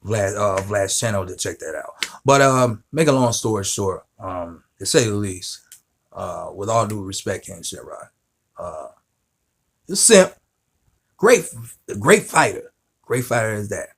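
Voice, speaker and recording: A man with a somewhat low voice hosts a reaction video. He talks casually and emphatically in slang and addresses his viewers directly.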